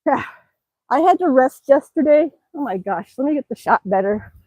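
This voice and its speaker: A woman's voice: high-pitched, animated, moderate pace, dry recording, muffled recording. Breathless cheerful woman streaming outdoors. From Alaska. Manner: chatty, cheerful, exclaiming often. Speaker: livestreaming vlogger. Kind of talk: casual live-stream chat. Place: outdoors, by an exercise bike.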